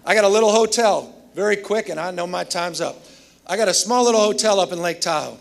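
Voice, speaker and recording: A man's voice: sits high, brisk, creaky. A man delivering a commencement speech, telling emphatic stories with self-deprecating humor. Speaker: commencement speaker.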